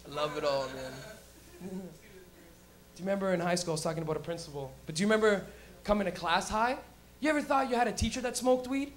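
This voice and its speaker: A man doing a stand-up set at a live comedy club. He is loud and profane and laughs at his own stories. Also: high voice, quick pace, pauses often.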